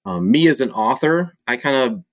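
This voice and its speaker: A man from Michigan chats as a guest about his publishing work. He talks in a relaxed, self-deprecating way, full of small fillers and restarts. His voice sits at a middling pitch, and the sound is dry and close. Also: moderate pace, dry recording. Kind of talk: casual conversation.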